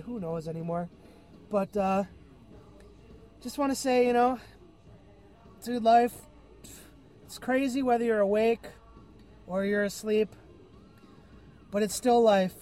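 A man's voice: high voice, a little mellow. A man hosting a vlog from inside a car, telling a loose, rambling comic story. His talk is laid-back and full of fillers. Faint music plays underneath. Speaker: vlog host. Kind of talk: rambling comedic monologue.

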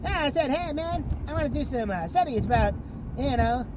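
A man's voice: very high-pitched, lively intonation, brisk, background noise, voice pushed up. A shady, pushy scientist, as a man puts him on in a raised, sing-song voice. He talks down to everyone with a dismissive buddy in every line. It is a rambling comedic vlog bit. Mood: smug. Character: smug Canadian male scientist, pushy and shady.

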